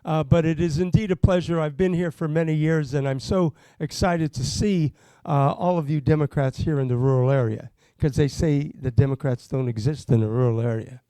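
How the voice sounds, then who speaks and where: A man, a state legislator from Pennsylvania, gives an impassioned political speech that builds to loud, emphatic calls. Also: a little high, steady tone, normal speed, few pauses, dry recording.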